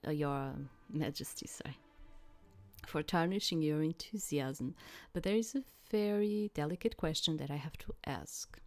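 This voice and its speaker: Woman reading as a sardonic male advisor. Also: fairly high pitch. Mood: wary. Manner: dry, mocking.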